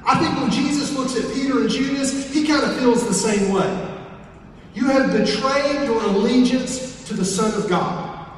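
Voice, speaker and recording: A man's voice: extremely high pitch, animated, unhurried, a little hiss or hum. A man from southern West Virginia with an Appalachian accent, preaching a sermon in a folksy way with joking asides. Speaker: pastor. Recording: echoey hall, from far off.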